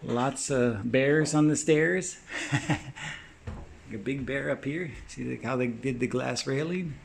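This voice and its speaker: Guy with a gravelly voice walking you through a house, chill and chatty, slight hiss behind. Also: mid-range voice, takes it slowly. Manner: relaxed, pointing things out as he walks. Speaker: house tour vlogger. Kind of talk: casual walkthrough narration. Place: inside a large house.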